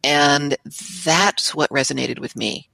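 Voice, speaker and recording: A woman, an interior designer, talking in an animated, conversational way as an interview guest, with frequent laughs and soft trailing asides. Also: sits low, takes it slowly, gravelly, no echo.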